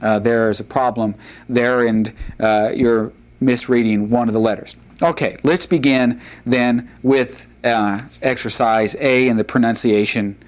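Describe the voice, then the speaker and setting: A man teaching a recorded language lesson, explaining step by step in a measured way with frequent "uh" pauses. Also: mid-range voice, fairly even intonation. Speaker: Hebrew teacher. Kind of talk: recorded classroom lecture.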